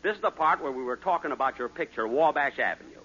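A man's voice: mid-range voice, expressive, fast talker, bright, forceful tone, husky. A man hosting a radio comedy, playing exasperated and defensive in a 1940s radio acting style. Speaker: comedy show host. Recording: hissy lo-fi 1940s radio broadcast.

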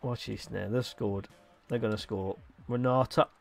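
A young man excitedly commentating his own football video game, swearing and shouting at his players. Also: fairly low pitch, moderate pace, creaky, soft background music. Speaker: gaming YouTuber.

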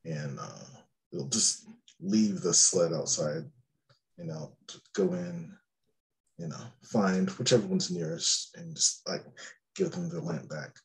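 A man with a very deep, gravelly voice takes part in a tabletop game. He describes what his character does in a loose, hesitant way, full of fillers. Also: sing-song, slow, poor audio. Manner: hesitant, lots of uh and like. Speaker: player. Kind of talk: casual tabletop play.

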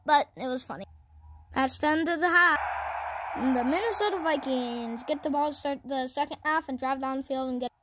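Woman gamer, high and bright, chatty self-deprecating play-by-play with excitable cheering. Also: slight background noise. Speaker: gaming channel host. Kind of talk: casual gameplay commentary.

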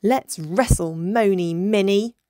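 A woman voicing a boastful, bossy young boy dolphin who talks loudly and shows off. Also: mid-range voice, takes it slowly, no room sound, studio quality, natural voice.

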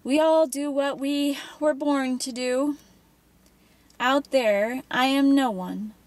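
A woman voicing a cruel teenage girl who taunts and mocks her captive, slow and menacing. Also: high-pitched, a little mellow, no room sound, voice pushed up. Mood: smug. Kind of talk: audiobook character voice.

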